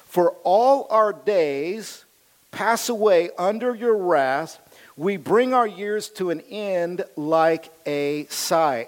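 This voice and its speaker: A man preaching a sermon as pastor, animated and earnest, with self-teasing asides. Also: a little high.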